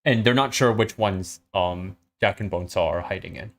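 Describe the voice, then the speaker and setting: A man co-reading on a casual stream, offering calm, brief, agreeable remarks. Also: low voice, normal speed. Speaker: co-reader on a reaction stream. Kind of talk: casual reaction chat.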